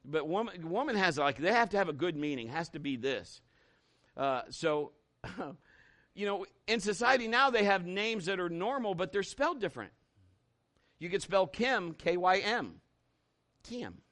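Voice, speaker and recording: A man's voice: sits high, sing-song, a little slow, a bit bright. A man preaching a sermon in a folksy, conversational way, acting out little stories and quoting scripture with emphasis. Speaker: pastor.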